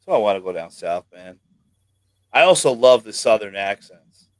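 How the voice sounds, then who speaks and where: A man's voice: lowish voice, lively intonation, moderate pace, no room sound. Chatty New York man, dry close sound. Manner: chatty, joking, swears casually. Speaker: host. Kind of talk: casual livestream chat.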